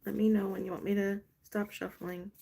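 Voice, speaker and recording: A woman's voice: medium pitch, flat delivery, fairly quick, vocal fry, warm tone, husky. A woman hosting a casual live stream, chatty and gushing as she pulls cards for a viewer. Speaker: live stream host doing card readings.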